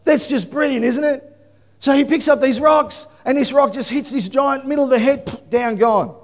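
Male preacher, lively storyteller who breaks into shouts; unusually high voice, long echo of a church hall. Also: normal speed. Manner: animated storytelling, bursts into shouting. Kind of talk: sermon.

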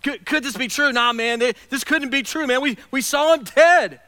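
A man voicing frightened disciples who doubt rumors that their teacher has come back alive, talking in an anxious hush. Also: very high voice, normal speed, no room sound, pitched above the performer's own voice. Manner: hushed, anxious, repeating himself. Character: disbelieving frightened male disciples, hushed and anxious.

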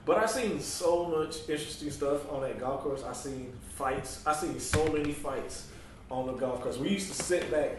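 A man tells a rambling, profane story, laughing as he goes. He acts out what people said, with big leaps in pitch. He sits back from the mic in a very echoey room, with faint noise behind him. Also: moderate pace. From New Mexico. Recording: echoey room from a distance, light ambient noise.

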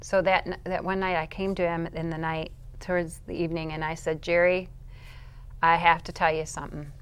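A woman's voice: little pitch movement, a little fast, smooth. Woman telling a vivid faith testimony. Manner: vivid storyteller who acts out her own past outbursts; moves between quiet, low narration and loud, high bursts. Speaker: interview guest. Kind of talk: personal faith testimony, storytelling.

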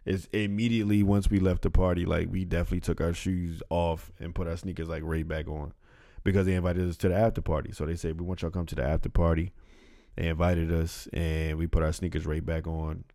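A man's voice: low-pitched, level tone, a little fast, warm tone, no echo, clean studio sound. A man in casual chat, telling a story in a laid-back, slangy way and often repeating himself.

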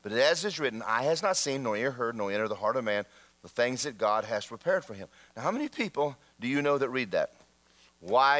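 A man preaching a sermon in a church, telling stories and acting out the people in them. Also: mid-range voice. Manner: animated storytelling, acts out quoted voices. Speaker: pastor.

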